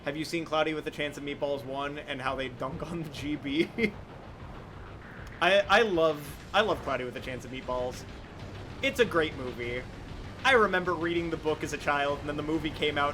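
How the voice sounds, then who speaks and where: A man's voice: on the high side, fairly quick, noisy background. A man giving casual, joking commentary while streaming a game, laughing often.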